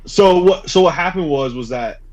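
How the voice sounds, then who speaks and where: A young man co-hosting a podcast, telling stories in a casual, profane, animated way. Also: a little high. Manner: rapid, profane, animated storytelling. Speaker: podcast co-host. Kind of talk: casual storytelling chat. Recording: dull lo-fi sound.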